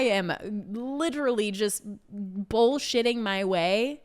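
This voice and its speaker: A young adult woman hosting a solo podcast, telling a story in a casual way, swearing and saying "like" and "literally" often. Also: normal speed. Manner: animated, acts out quoted people with big pitch jumps. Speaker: podcast host.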